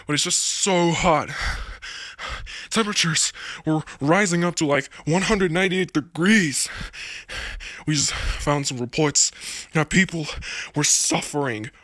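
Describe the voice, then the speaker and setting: A man's voice: on the high side, sharp tone, no echo, studio quality. A man playing a breathless weatherman in the heat. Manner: breathless, panicking, screams at the end. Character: male radio weatherman overcome by deadly heat. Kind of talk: fictional emergency broadcast drama.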